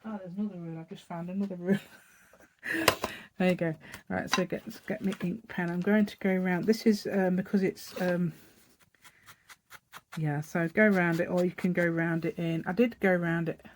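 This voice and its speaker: A craft channel host from the East Midlands of England, with a local accent, chats and rambles as she demonstrates a paper craft project step by step, thinking aloud. Her lowish voice has fairly even intonation at normal speed, with a little hiss or hum.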